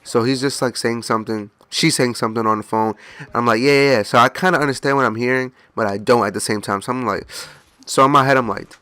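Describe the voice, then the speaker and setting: A man's voice: mid-range voice, steady tone, a little fast, sharp tone, no room sound. A young man casually telling a rambling story, slipping into quoted voices along the way. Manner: rambling, laid-back anecdote with mock voices. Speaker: gaming channel host.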